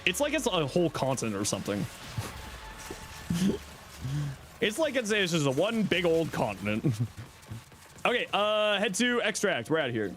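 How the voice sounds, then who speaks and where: A man's voice: high-pitched, measured pace, pauses often, soft background music. A man with a light Canadian accent from Southern Ontario, chatting casually with viewers on a game stream and reading their messages aloud. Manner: chatty, animated, reads and answers chat aloud.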